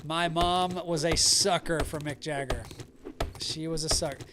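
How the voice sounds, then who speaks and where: A little high and a little slow, with fairly even intonation, this voice comes through a noisy background. It belongs to a streamer from the American South casually talking to viewers during a live survival game, using a neutral accent that only turns Southern when he's angry.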